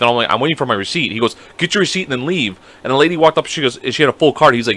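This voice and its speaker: A man's voice: mid-range voice, animated, racing, sharp tone. A young man co-hosting a podcast in casual chat. He swears freely and acts out other people's voices as he tells his story. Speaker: podcast co-host.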